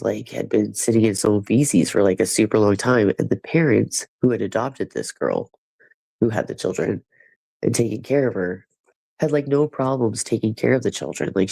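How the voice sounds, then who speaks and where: A man's voice: lowish voice, gravelly, a little mellow, poor audio. A man chatting casually with his livestream viewers, rambling and profane, with a stuffy nose.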